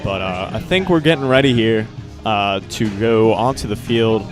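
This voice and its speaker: Low-voiced teen student broadcaster, man. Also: normal speed. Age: teens. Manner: rambling, filler-heavy, joking. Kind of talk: casual live commentary chat. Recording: music playing behind.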